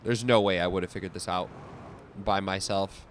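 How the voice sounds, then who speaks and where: A man's voice: low voice, steady tone, moderate pace, a little hiss or hum. A young man casually talking through his gameplay, thinking aloud with lots of fillers. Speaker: gaming video host.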